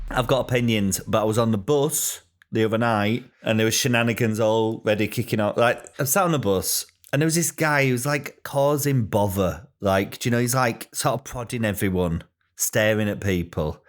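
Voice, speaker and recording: A man hosting a podcast, telling stories in a rambling, animated way with many restarts. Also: lowish voice, moderate pace, faint music behind. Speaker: podcast host. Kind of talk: casual chat.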